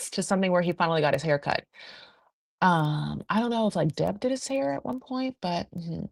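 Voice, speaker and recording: A woman hosting a podcast, chatting in a gossipy, animated way full of asides as she recaps a reality show. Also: mid-range voice, no room sound, studio quality. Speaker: podcast host.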